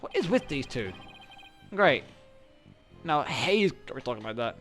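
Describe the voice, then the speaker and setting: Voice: mid-range voice, sing-song, a little slow, pauses often, a bit bright, soft background music. A streamer giving casual, self-mocking commentary while playing a game. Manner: self-mocking, muttering asides.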